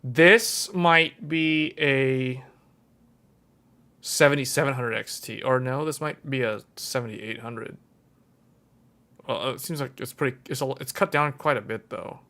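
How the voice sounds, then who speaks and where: A man's voice: medium pitch, a little slow, sharp tone. A man hosting a tech livestream, casually thinking aloud and correcting himself as he goes.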